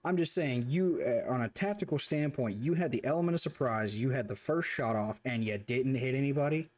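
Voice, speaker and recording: A man's voice: mid-range voice, a little fast, a little mellow. Profane rambling man reviewing a show. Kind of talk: casual chat.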